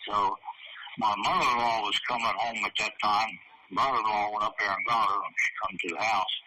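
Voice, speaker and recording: A man's voice: fairly low pitch, steady tone, a little fast. Rambling, profane man on a distant noisy line. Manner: rambling, profane, chuckles at his own story. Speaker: interviewee. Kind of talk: casual storytelling in an interview.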